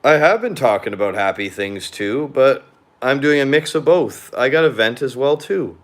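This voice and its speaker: A man's voice: medium pitch, expressive, normal speed. Young man venting, blunt and profane. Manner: drinking beer while chatting. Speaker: vlogger. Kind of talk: casual venting monologue.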